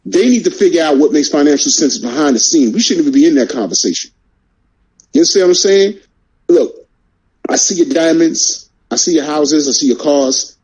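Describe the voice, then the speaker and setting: Husky guy ranting about boxing, mellow tone, keeps asking "you understand?". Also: a little high, expressive, a little fast, muffled recording. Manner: fired-up, repeats words, rhetorical questions. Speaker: boxing show host. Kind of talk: casual boxing talk.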